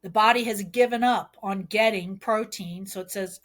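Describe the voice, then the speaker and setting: Woman, midwife guest on a podcast; earnest, emphatic explainer with mid-range pitch. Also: normal speed, few pauses, fairly bright tone. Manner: earnest, explains with homely analogies; pleading, emphatic advice.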